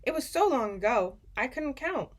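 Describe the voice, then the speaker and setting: A woman voicing a very old, kindly male giant who jumbles his words, in an audiobook reading. She makes him boom, draw his words out and talk in ungrammatical, folksy phrases. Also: sing-song. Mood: musing. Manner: booming, drawn-out, ungrammatical folksy speech.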